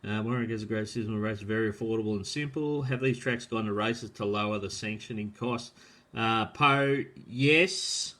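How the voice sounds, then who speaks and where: Male host, casual live-stream chat, rambling and friendly, bright tone. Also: on the low side, moderate pace. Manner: rambling, filler-heavy, friendly, calls people mate. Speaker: host of a live drag racing show.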